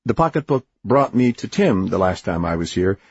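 A man's voice: low voice, sing-song, slightly rough, no room sound, exaggerated voice. Man doing an earnest young boy. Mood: hurried. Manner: reassuring, then quick and defensive. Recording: dull lo-fi dry recording.

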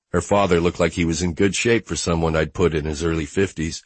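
A man narrating a first-person novel as an audiobook, in a wry, low-key manner. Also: fairly even intonation, fairly quick, dry recording.

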